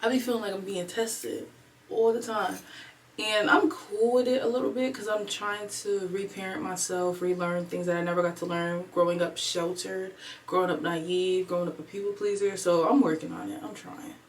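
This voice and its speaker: A woman in her twenties, chatting alone at home in a casual storytime vlog, animated and replaying her own thoughts aloud. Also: mid-range voice, normal speed, recorded from a distance, a little hiss or hum. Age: 20s. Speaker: vlogger. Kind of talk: casual storytime chat to camera.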